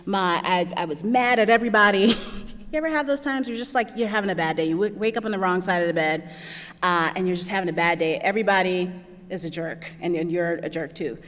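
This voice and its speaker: A woman's voice: on the low side, fast, fairly bright tone. Chatty woman speaker in a big hall. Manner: chatty, laughs often, acts out what others said. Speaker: keynote speaker. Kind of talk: storytelling keynote talk. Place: large lecture hall.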